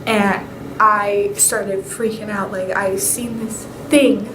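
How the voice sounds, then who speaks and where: A woman's voice: mid-range voice, slow pace. Chatty young woman, echoey room. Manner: chatty, animated, with whispered asides. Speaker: vlogger. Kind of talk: casual storytelling. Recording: echoey room with clear background noise.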